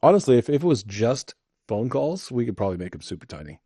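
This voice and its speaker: A middle-aged man co-hosts a casual podcast chat at a quick clip. He makes wry, offhand remarks in a mid-pitched voice. The recording is dry and close. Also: big pitch swings, warm tone, slightly rough, dry recording. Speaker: podcast co-host.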